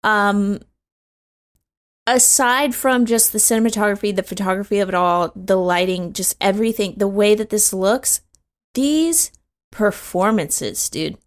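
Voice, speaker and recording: A woman's voice: mid-range voice, measured pace. A woman co-hosting a podcast in casual chat, slangy, calling her co-host dude and bro.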